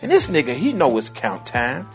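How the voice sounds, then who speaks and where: A man's voice: medium pitch, huge pitch swings, normal speed, soft background music. A man who worked as a prison correctional officer telling a rambling, profane story in a casual way. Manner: profane, rambling, digressive, chuckling asides.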